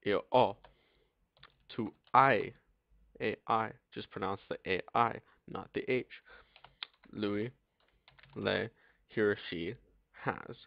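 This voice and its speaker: Young male tutor, slow and halting, lowish voice, dull dry lo-fi sound with keyboard clicks. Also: gravelly, no echo. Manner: halting, many ums and pauses. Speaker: teacher. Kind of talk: casual language lesson.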